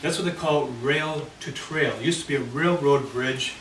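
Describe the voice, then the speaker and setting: This man's voice is on the high side and fairly bright, and he speaks at a moderate pace. He's addressing a committee meeting, leading listeners through a neighborhood map on a handout. The audio comes from an echoey meeting room with a distant mic and plenty of noise.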